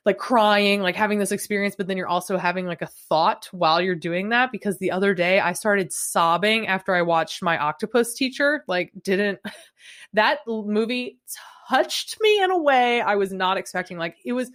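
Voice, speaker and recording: A woman's voice: medium pitch, moderate pace, a bit bright. A young adult woman hosting a podcast, talking in a casual, rambling, confessional way full of fillers. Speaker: podcast host.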